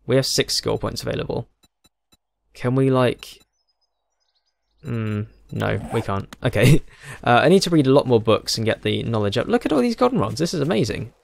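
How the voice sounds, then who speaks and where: A man's voice: medium pitch, sing-song, moderate pace, creaky. A young British man with a British accent giving casual, chatty, self-mocking commentary while playing a game. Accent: British English. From Britain. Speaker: gaming YouTuber.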